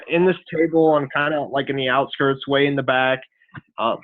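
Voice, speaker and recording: A man in his thirties, a fitness coach giving a casual, earnest motivational talk on a team call, full of fillers. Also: mid-range voice. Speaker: guest speaker, fitness coach. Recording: tinny phone line.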